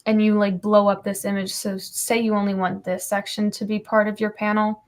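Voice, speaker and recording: A woman's voice: mid-range voice, flat delivery, moderate pace. A woman comic artist talking casually on a livestream, explaining her process with many ums and you-knows.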